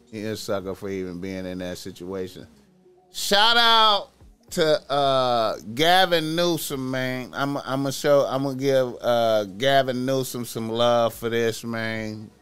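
A man's voice: mid-range voice, unhurried, fairly bright tone, clean tone, soft background music. A man streaming reaction commentary, profane and repetitive, stretching key words for emphasis.

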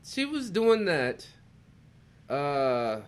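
A man with a high voice that leaps all over its range, talking casually on a podcast. He sounds incredulous and swears freely. He tends to repeat his exclamations over and over. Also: sing-song, very slow, clear, resonant tone. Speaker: podcast co-host. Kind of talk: casual chat.

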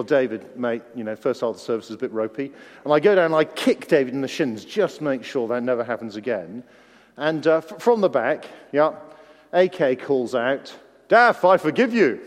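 Preacher in a reverberant hall. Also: male voice, mid-range voice. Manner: animated, acts out quoted voices, frequent stammered restarts. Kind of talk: sermon. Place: church hall.

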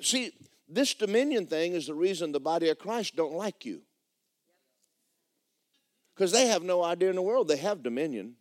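A man preaching a sermon, emphatic and loud at times, dropping low for stories. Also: big pitch swings, moderate pace, pauses often, no room sound, studio quality. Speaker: pastor.

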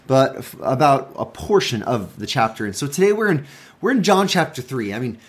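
Animated man giving a devotional talk. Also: mid-range voice, brisk, husky. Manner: conversational, with frequent restarts and emphatic paraphrase. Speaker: pastor. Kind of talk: devotional Bible teaching.

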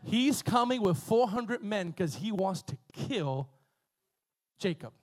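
A man preaching a sermon, retelling a story in a lively, conversational way, with many repetitions and asides to the congregation. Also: sits high, slow. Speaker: pastor.

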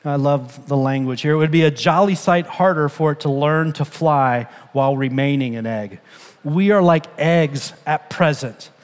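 A man's voice: a little high, normal speed, smooth, big-room sound. A man preaching a sermon as pastor, emphatic and conversational, retelling scripture dialogue in his own words. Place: church sanctuary.

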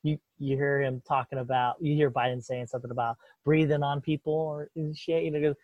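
A man's voice: medium pitch, fairly even intonation, fast, no room sound. A man in casual political chat, ranting with lots of swearing and mock voices. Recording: dull lo-fi dry sound.

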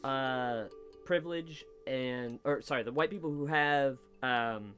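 A man's voice: mid-range voice, measured pace, faint music behind. A man hosting a casual comedy podcast, rambling and swearing as he acts out little exchanges, recorded in a basement studio. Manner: rambling, swears often, animated quoting. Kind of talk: casual chat.

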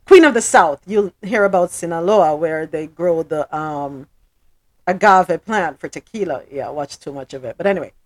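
A woman's voice: lowish voice, moderate pace, no room sound. Chatty woman host, dry close sound. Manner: chatty, laughs often, reads news with asides. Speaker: podcast host. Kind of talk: casual chat and news reading.

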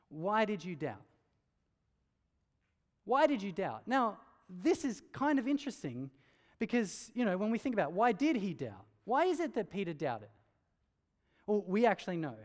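High-voiced man preaching in a reverberant hall. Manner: earnest, emphatic preaching that drops low and quiet on key lines. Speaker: pastor. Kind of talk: sermon.

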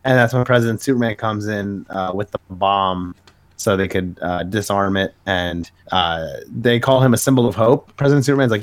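A man's voice: lowish voice, steady tone, brisk. A man co-hosting a podcast, recapping a comic issue in casual chat with many filler words. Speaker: podcast co-host.

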